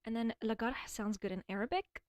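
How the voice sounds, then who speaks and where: A woman's voice: a little high, brisk, a little mellow, no room sound. A young woman streaming alone, chatting casually and rambling, swearing often and stuttering at times. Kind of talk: casual livestream chat.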